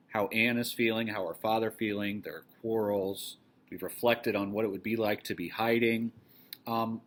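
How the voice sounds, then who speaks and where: Male teacher, low husky voice, reads a play's stage directions to his class. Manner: casual and encouraging, then steady narration. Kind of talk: reading a play aloud to a class.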